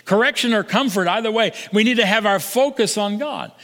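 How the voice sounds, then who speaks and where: A man's voice: high-pitched, fairly quick. Earnest older male preacher in a reverberant hall. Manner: earnest, with repeated restarts and soft drops to near-whisper for emphasis. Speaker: pastor. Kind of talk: sermon.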